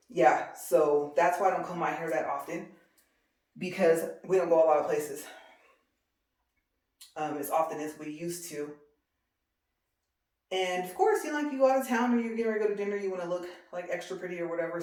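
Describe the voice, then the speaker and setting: A woman's voice: low-pitched, a little mellow. A woman chatting in a rambling, casual way about hair care for her vlog, with lots of fillers. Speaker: beauty vlogger. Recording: roomy echo.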